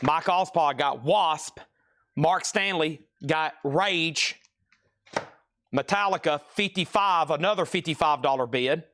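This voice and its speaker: A man runs a live-stream sale, moving briskly from item to item and reading out bids. His voice sits a little high for a man, and his patter stays chatty and playful. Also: fairly bright tone. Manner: quick, playful sales patter, hums riffs and reads out bids. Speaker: auctioneer host of a live record sale.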